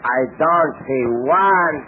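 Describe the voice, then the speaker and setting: A man's voice: fairly high pitch, slow, narrow, tinny audio. An actor playing a wily foreign henchman who speaks broken English in a 1940s radio drama. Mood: coaxing. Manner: broken English, sly and coaxing. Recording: scratchy noisy 1940s radio broadcast.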